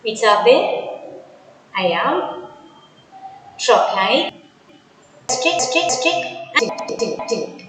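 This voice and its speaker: A woman teaching a poetry class online, her slightly high voice unhurried and deliberate as she restates each point. The sound carries a heavy echo with a long reverb tail, as if from a bare, hard-walled room. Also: very animated, fairly bright tone, slight background noise. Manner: slow, deliberate, repeats and restates words. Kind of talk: online lecture.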